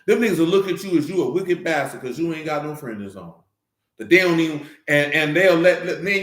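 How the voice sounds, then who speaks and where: A man's voice: fairly high pitch, reverberant. A man preaching an informal Bible teaching, fiery and slangy, hammering his points with repeated rhetorical questions.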